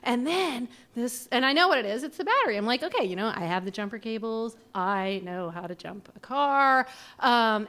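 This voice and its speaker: A woman in her forties telling a personal story live on a small theater stage, animated and self-deprecating, acting out the voices she quotes. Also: high voice.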